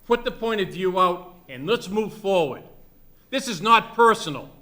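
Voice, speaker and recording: A man's voice: high voice, lively intonation, moderate pace, bright, forceful tone. A man giving an impassioned, repetitive public comment at a town meeting, scolding and patriotic.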